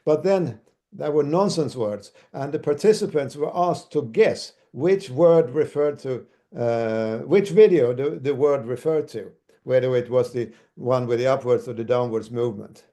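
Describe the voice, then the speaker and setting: A man giving an academic lecture as a university lecturer, speaking haltingly with many restarts. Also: medium pitch, dark tone.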